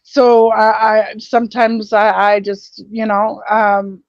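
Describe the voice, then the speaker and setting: A woman's voice: mid-range voice, level tone, slow pace, dry recording. Swearing woman host, lo-fi voice chat. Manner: swears a lot, laughs things off, many restarts. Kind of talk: casual group chat. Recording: dull lo-fi sound.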